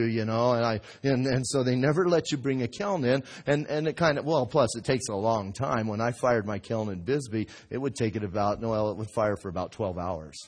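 A middle-aged man preaching a sermon in a church, telling folksy stories and acting out voices with big jumps in pitch and loudness. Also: a little fast, few pauses, husky. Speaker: pastor.

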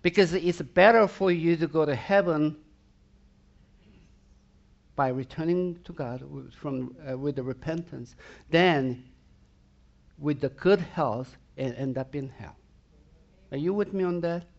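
A man preaching a sermon in a slow, deliberate cadence, his fairly high voice roughened by a gravelly edge. He is emphatic and direct, and he often checks in with the congregation through rhetorical questions. The recording sounds dull and lo-fi. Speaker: pastor.

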